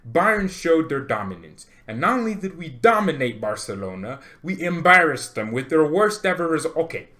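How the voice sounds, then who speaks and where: A man hosting a football fan channel, ranting excitedly to camera with jokes, laughs and repeated words for emphasis. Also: on the high side, moderate pace. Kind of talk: animated fan rant to camera.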